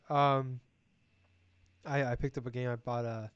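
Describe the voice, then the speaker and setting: A man's voice: medium pitch, little pitch movement, a little slow, clean tone, dry recording. Profane, ranting podcast guy. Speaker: podcast co-host. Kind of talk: casual chat. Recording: dull lo-fi recording.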